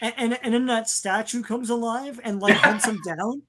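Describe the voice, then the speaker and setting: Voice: medium pitch, normal speed, a loud crowd. A panelist on a casual chat, telling stories animatedly. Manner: animated storyteller, laughing.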